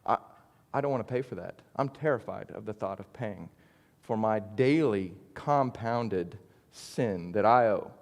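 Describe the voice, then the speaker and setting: A man's voice: on the low side, lively intonation, a little slow, vocal fry, long reverb tail. A man teaching an adult Bible study in a conversational, earnest way, often checking in with "right?". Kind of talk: church Bible study lesson.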